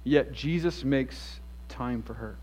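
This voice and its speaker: A male pastor preaching an expository sermon in a church, earnest and story-driven, moving between emphatic and hushed delivery. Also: mid-range voice, slow. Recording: dull lo-fi sound.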